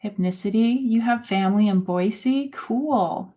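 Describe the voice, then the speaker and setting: A woman in her forties hosting a casual live chat, talking in a halting way with many fillers and soft laughs. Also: mid-range voice. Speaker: host.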